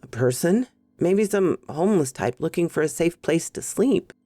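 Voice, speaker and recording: A woman storyteller voicing a calm, steady male police corporal. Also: on the low side, moderate pace, dry recording, soft background music. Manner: calm, even.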